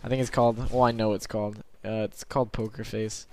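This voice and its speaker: A young man giving rambling, self-conscious gameplay commentary from his bed late at night, filling pauses with lots of ums. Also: fairly low pitch, little pitch movement, darkish tone, a little hiss or hum.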